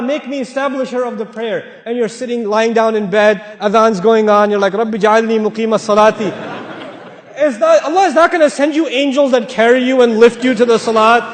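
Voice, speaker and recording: High-voiced man preaching in an echoey hall. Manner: direct, joking, repeats for emphasis. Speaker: speaker giving a talk. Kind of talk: sermon to a live audience. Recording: echoey hall, long reverb.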